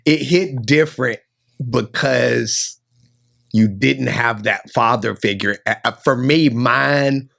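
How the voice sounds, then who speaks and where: A man's voice: medium pitch, slow pace, creaky, a bit bright. A man hosting a podcast, chiming in with short affirmations and earnest remarks. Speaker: podcast host. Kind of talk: casual conversation.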